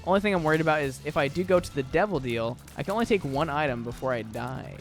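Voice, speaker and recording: A man's voice: fairly high pitch, animated, fast, soft background music. A young American man chatting casually through a let's-play, rambling with lots of "like" and "um". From southern United States. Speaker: gaming YouTuber.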